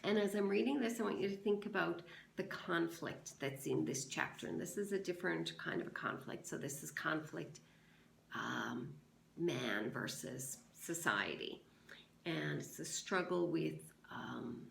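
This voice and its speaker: Slow, gravelly woman teacher reading aloud. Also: sits low, animated, slight background noise. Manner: slow, instructive, gently explaining. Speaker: sixth-grade teacher. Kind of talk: read-aloud lesson narration. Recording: echoey room.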